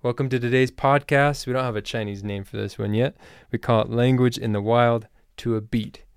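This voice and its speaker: A man hosting a language-learning podcast, explaining things in a relaxed, casual way with loose fillers. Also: medium pitch, brisk, clean tone, dry recording, clean studio sound. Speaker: language teacher and podcast host. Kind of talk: casual spoken lesson.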